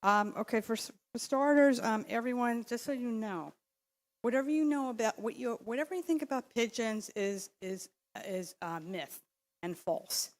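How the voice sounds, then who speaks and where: A woman's voice: fairly high pitch, lively intonation, moderate pace. A woman giving a rambling, insistent public comment at a city council meeting, speaking into a podium microphone. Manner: insistent, rambling, with many fillers and restarts.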